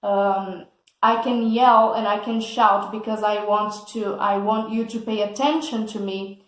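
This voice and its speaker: A woman teaching English vocabulary, explaining words slowly and patiently and often checking in with "okay?". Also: mid-range voice, steady tone, roomy sound, poor audio. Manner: slow and patient, checks understanding with a frequent "okay?".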